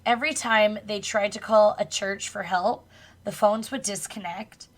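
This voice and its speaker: A woman's voice: medium pitch, unhurried. Woman podcast host telling a creepy story, chill and chatty, cusses a bit. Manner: relaxed storytelling with casual swearing and laughs. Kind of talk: casual chat, retelling a true crime story.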